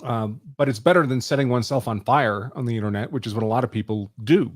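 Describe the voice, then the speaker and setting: A man appearing as a guest legal analyst, speaking in measured, precise terms in a casual chat. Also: medium pitch.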